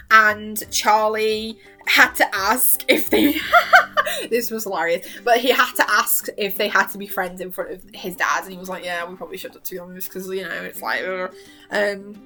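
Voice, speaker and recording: A woman chatting through a TV recap in a rambling, casual way. She laughs often and slips into quick quoted asides. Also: medium pitch, fairly even intonation, pushed and bright, faint music behind. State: hoarse after long talking. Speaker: vlogger.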